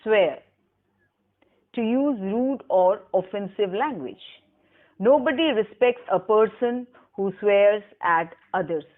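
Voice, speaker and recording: A woman's voice: medium pitch, phone-quality sound. A woman lecturer, giving a recorded lesson and carefully spelling out words for students. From Pakistan. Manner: slow, deliberate teacher's delivery, spelling words aloud. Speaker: English lecturer.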